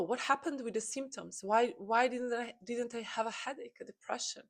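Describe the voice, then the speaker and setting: A woman's voice: fairly high pitch, moderate pace. Earnest woman, motivational. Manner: earnest and intense, with many restarts and repeated phrases. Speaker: spiritual content creator. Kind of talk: personal story, motivational talk.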